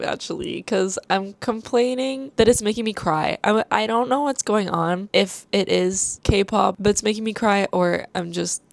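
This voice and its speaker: A woman's voice: mid-range voice, vocal fry, dry recording. A young woman vlogging casually into a handheld mic at home, rambling and laughing often, with a sore throat. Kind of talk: casual chatty vlog. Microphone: handheld microphone held close.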